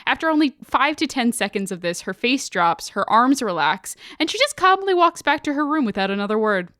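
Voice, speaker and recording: A woman's voice: fairly high pitch, sing-song, brisk, fairly bright tone, no echo, studio quality. A woman podcast co-host reading out a listener's spooky story in a casual, dramatic, swearing way.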